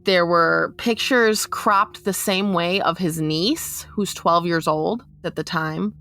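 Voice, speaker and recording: A young woman giving an earnest, measured personal account on a podcast, growing urgent at times. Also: fairly low pitch, fairly bright tone. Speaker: interviewee recounting her experience.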